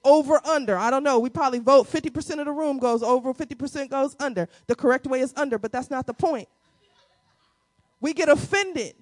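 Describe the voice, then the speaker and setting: High-voiced woman preaching a sermon. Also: no room sound. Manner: call-and-response preaching, repeats key lines slowly; playful asides with quick dips into a low, quiet voice. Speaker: pastor.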